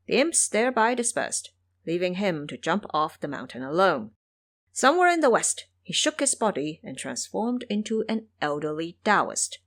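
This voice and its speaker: A woman narrates an audio drama with expressive, story-told delivery. Her voice sits on the low side and moves widely in pitch. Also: normal speed.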